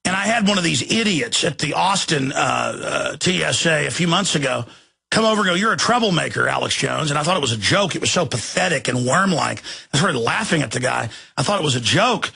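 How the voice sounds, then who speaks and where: A middle-aged man hosting a talk radio show, ranting angrily, often shouting and turning sarcastic. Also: a little high, expressive, a little fast, vocal fry, slightly rough. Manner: angry, shouting rants with sarcastic asides.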